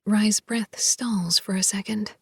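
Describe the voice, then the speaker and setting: A woman narrating a first-person romance audiobook in a soft, half-whispered, intimate delivery. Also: mid-range voice, fairly even intonation, slow pace, vocal fry, breathy edge, no room sound, clean studio sound.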